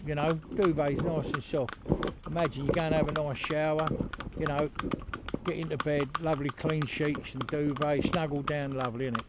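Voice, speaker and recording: A horse trainer talking casually outdoors while driving a pony cart, rambling and chatty with lots of "you know". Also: male voice, a little high, fairly even intonation, normal speed. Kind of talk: casual spoken instruction while driving ponies. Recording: loud hoof clatter and outdoor noise.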